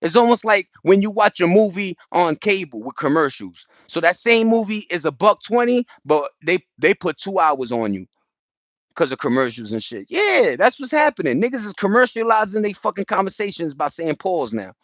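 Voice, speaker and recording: A man holds forth on a casual livestream, cursing freely and slipping into quick impressions of other people. His voice sits a little high for a man. The sound is dull and dry, like a phone recording made outdoors. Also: no echo. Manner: animated, profane street slang, acts out quotes. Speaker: livestream host.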